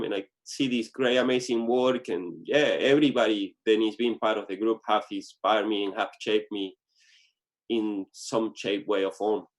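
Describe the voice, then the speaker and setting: A man being interviewed as a guest photographer, talking casually and often restarting his sentences with small slips. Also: mid-range voice.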